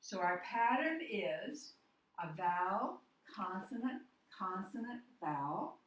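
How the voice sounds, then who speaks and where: A woman's voice: medium pitch, sing-song, takes it slowly, a bit bright, slight background noise. A woman teacher giving a patient, step-by-step phonics lesson, correcting herself as she goes. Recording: echoey room, mic far off.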